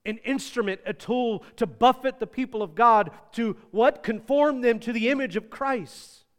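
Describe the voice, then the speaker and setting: Pastor, male, emphatic sermon delivery, high voice, long reverb of a church hall. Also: normal speed. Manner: emphatic, swings between loud and soft.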